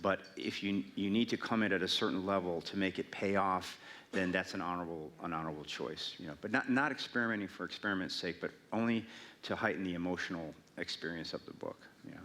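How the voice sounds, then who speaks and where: A man speaking a little low in pitch answers audience questions at a library event. He is casual and wry, and he jokes about himself as he goes. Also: quick pace, fairly bright tone. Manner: wry, self-mocking humor. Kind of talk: casual Q&A talk. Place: public library event hall.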